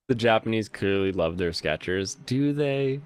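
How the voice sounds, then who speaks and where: A man hosting a casual podcast chat, animated, his voice jumping high when he gets exasperated. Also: clear, resonant tone. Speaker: podcast host.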